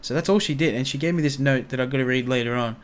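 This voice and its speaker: A young man improvising a casual roleplay, talking in a jumpy, excitable way that tips quickly into panic. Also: medium pitch. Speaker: roleplay player.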